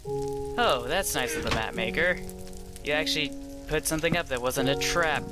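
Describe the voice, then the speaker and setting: A man's voice: on the high side, moderate pace. A young man giving casual, self-deprecating commentary as he plays, thinking aloud as he goes. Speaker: let's play host. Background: game music.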